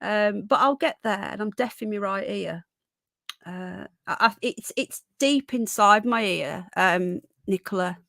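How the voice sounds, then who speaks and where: A woman hosting a live stream whose voice is going croaky, chatting casually and rambling with fillers and restarts. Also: medium pitch, a little slow, fairly bright tone, dry recording, studio quality.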